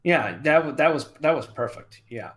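A man's voice: on the high side, animated, normal speed, fairly bright tone. Rambling male podcast co-host. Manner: rambling, repeats words, many fillers. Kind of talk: casual chat.

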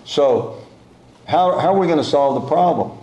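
A man's voice: fairly high pitch, expressive, normal speed, mellow. A man preaching a sermon to a congregation in a conversational way, repeating key phrases and correcting himself mid-sentence. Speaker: pastor. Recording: echoey room.

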